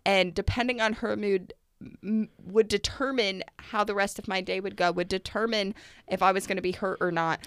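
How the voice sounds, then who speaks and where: A young adult woman co-hosting a casual podcast, talking in an earnest, reflective way and quick to laugh. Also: mid-range voice, steady tone, smooth, no room sound. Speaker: podcast co-host.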